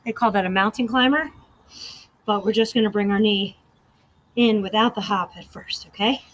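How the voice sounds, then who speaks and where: A woman's voice: medium pitch, normal speed, low-quality recording. A woman fitness instructor leading a guided workout, out of breath, counting reps aloud and encouraging.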